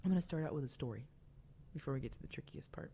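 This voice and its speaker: A woman's voice: extremely low pitch, lively intonation, racing, dark tone, slight background noise. A young woman hosting a call-in radio show, talking in a chatty, confiding way with fillers and asides. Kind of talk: casual call-in radio talk.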